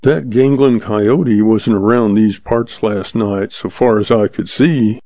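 A man reading a slow-witted, blustering small-town sheriff in a western audiobook. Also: fairly low pitch, fairly even intonation, warm tone, dry recording, muffled recording. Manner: blustering, then meek. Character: dim, flustered middle-aged male sheriff.

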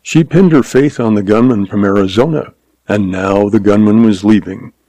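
Low-voiced man reading a western tale. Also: dark tone, no room sound, low-quality recording. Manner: measured, dramatic reading. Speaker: narrator. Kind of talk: scripted narration of a western story.

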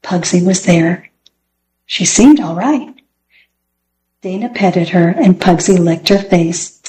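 A woman reading a children's chapter book aloud in a gentle, clear storybook manner. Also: on the low side, takes it slowly, rough recording. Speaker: narrator.

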